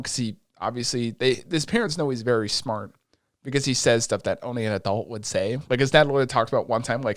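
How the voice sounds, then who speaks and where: A podcast co-host, a man with a middle-pitched voice, talks fast and loosely, swearing freely and slipping into quick voices as he recaps what he watched. The sound is dry and close, with no room echo. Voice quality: excitable, profane, retells scenes in quoted voices. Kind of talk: casual chat recapping an anime.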